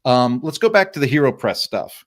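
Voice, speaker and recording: A man's voice: mid-range voice, normal speed. Upbeat middle-aged man telling stories. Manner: animated storyteller, acts out friendly greetings. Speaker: podcast host. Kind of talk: casual interview chat. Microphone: remote live-stream call.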